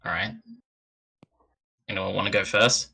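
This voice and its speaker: Very low-voiced man, bright tone. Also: fairly even intonation, measured pace, creaky. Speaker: player.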